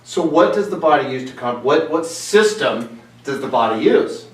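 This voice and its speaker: An animated man hosts a casual clinic talk, his pitch leaping up and down as he breaks in with asides. He sits well back from the mic in an echoey room. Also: moderate pace, recorded from a distance. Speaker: chiropractor host.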